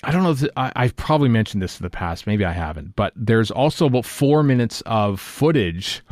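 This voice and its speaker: A man with a fairly low voice talks loosely on a podcast, wandering through his thoughts with plenty of "uh"s and restarts. The sound is dry and close, with little room tone. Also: animated, fairly quick, darkish tone, dry recording. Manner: rambling, many fillers and restarts. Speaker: podcast co-host. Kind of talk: casual fan podcast chat. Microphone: studio podcast mic.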